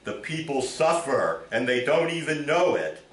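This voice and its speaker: A man's voice: mid-range voice, very animated, unhurried. Man doing a burning bush, grave, declaiming, roomy hall, heard from afar. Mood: solemn. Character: solemn prophetic burning bush. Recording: roomy theater, from far off.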